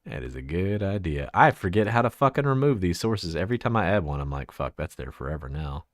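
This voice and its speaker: A man's voice: low-pitched, sing-song, brisk, no room sound, studio quality. A man from Central Texas chatting casually on a livestream, swearing freely and laughing often while he fiddles with his setup. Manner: loose and profane, laughs often, talks while fiddling with settings. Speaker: livestreamer showing his avatar model.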